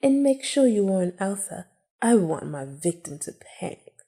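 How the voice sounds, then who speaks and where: A woman's voice: mid-range voice, big pitch swings, moderate pace, mellow. Woman putting on Felicia, gleeful schemer. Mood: gleeful scheming. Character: scheming vengeful young woman cafe visitor.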